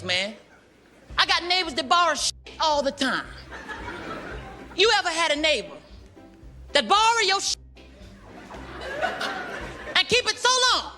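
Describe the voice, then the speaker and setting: Stand-up comic with a high, jumpy voice, live crowd roaring behind. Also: male voice, very animated, measured pace, pauses often. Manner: wild, loud storytelling with impressions. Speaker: stand-up comedian. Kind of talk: stand-up routine. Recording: live stage set with loud crowd and music.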